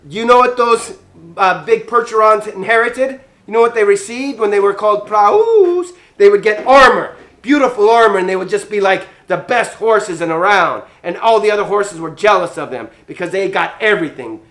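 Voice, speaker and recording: A man teaching a children's Bible lesson as a priest, animated, acting out scenes and dropping Spanish words into his English while quizzing the kids. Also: high-pitched, brisk.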